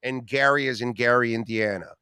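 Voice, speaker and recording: A man hosting a sports radio show, talking bluntly and swearing freely as he tells animated stories. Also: mid-range voice, a little fast, clean tone, no echo. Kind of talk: casual sports talk.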